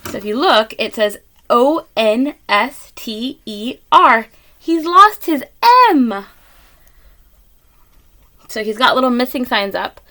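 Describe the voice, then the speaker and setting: A woman reads a picture book aloud to children in a gentle, expressive way. She gasps at the pictures and breaks off for little asides to her listeners, in a fairly high voice at an unhurried pace. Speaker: read-aloud reader.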